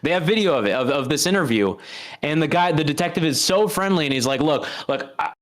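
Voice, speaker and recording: A man's voice: on the high side, expressive, fast talker, poor audio. A man co-hosting a podcast in casual chat, retelling a case in a rambling way. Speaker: podcast co-host.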